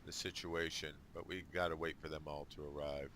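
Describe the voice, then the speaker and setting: A man's voice: extremely low pitch, level tone, a little fast, sharp tone, slight background noise. A man giving casual let's play commentary on a strategy game, thinking aloud with dry jokes. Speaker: gamer.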